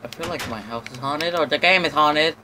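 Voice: mid-range voice, brisk, background noise. A gamer giving casual, jumpy commentary on his own play, with lots of swearing, panicked yelps and idle humming. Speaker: lets-play host.

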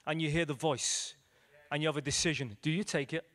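A male evangelist delivers a sermon in a voice pitched a little higher than most men's. He tells stories and acts out the quotes, swinging between loud declarations and quiet, hushed lines. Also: a little fast. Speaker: evangelist preacher. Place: church hall.

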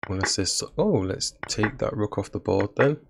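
A man's voice: fairly low pitch, expressive, normal speed, gravelly, noisy background. A man giving casual commentary on his own chess game, laughing at his own blunders. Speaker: chess streamer.

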